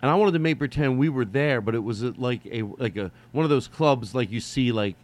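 A vlogger with a mid-range voice talks briskly through a casual solo monologue to his viewers. He's rambling and digressive, swears casually, and fills his speech with lots of fillers.

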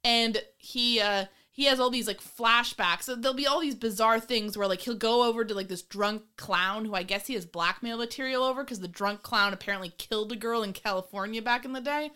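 A woman co-hosting a casual movie-review chat, ranting in an animated, exasperated way with swearing and mocking voices. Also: a little high, a little fast, few pauses, clear, resonant tone. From of Irish descent. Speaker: podcast co-host.

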